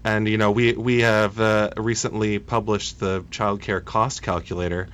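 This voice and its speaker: A man in his thirties speaks as a policy guest on a radio interview. His voice is smooth and resonant, and he talks haltingly, stopping and restarting his sentences as he searches for words. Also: on the low side, flat delivery, fairly bright tone. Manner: hesitant, halting, many restarts.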